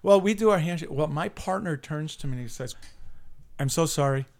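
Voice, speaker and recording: Man, middle-aged, higher voice, podcast host, profane, animated storyteller. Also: quick pace, creaky. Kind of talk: casual sports chat and storytelling.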